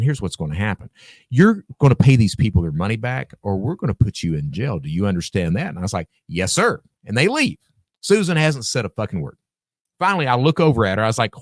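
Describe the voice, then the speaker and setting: A man's voice: on the low side, no echo, studio quality. A man guest on a podcast, telling a story casually, acting out the dialogue and swearing freely. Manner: animated, acts out quoted dialogue, swears freely.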